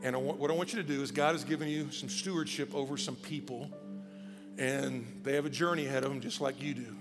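A male pastor preaching a sermon in a conversational, animated way with casual asides, speaking. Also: medium pitch, fast. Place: church auditorium. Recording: long church hall reverb with faint music.

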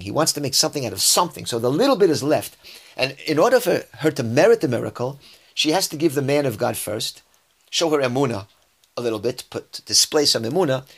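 A man's voice: mid-range voice, fairly bright tone, husky. A man giving a verse-by-verse scripture lesson. He reads Hebrew verses aloud and then explains them in English, often restarting his sentences. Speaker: Bible teacher.

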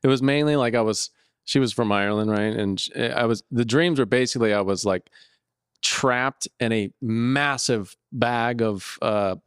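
A man's voice: medium pitch, normal speed, clean tone, no room sound, clean studio sound. A man co-hosting a comedy podcast, rambling through absurd stories with stumbling restarts. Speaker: podcast co-host. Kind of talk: casual comedic storytelling.

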